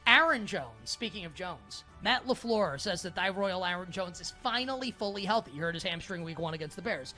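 The sports betting talk show host has a high, sing-song voice with a sharp tone, moving briskly with few pauses as faint music plays. His talk is a casual ramble packed with "like," complete with a playful mock-regal name for himself.

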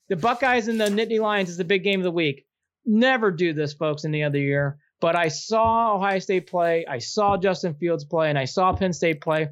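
A man's voice: high-pitched, moderate pace, no echo, highs cut off. A man hosting a sports betting picks segment, teasing his co-host with playful, fan-boyish chatter. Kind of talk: casual sports betting banter.

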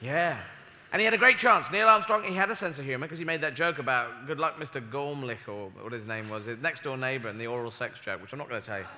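A male comedian on stage in a large theater, doing a rambling stand-up routine, swearing and acting out bits with shouts. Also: medium pitch, fast talker, a little hiss or hum. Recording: live hall reverb, faint crowd.

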